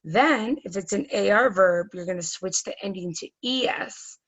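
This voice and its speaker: A woman's voice: mid-range voice, normal speed, fairly bright tone, husky, rough recording. A woman teaching a recorded Spanish grammar lesson, explaining patiently step by step with frequent ums.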